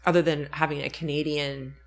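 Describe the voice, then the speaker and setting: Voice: medium pitch, flat delivery, fairly quick, faint music behind. A speaker in casual chat, telling a story reflectively with frequent ums and self-corrections.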